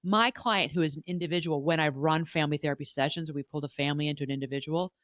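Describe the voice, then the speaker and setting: A woman's voice: deep voice, rapid-fire, a bit bright, no room sound, clean studio sound. Earnest woman therapist coaching listeners. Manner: earnest, coaching, repeats herself. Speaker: podcast host, family therapist. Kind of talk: advice podcast talk.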